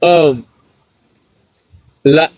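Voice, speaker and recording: A middle-aged man from San Diego hosts a relaxed live stream. He reads viewer comments aloud and tells stories in street slang, laughing often. His voice sits a little higher than most men's. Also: extremely slow, no room sound. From San Diego, USA. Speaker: livestreamer reading chat. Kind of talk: casual live stream chat.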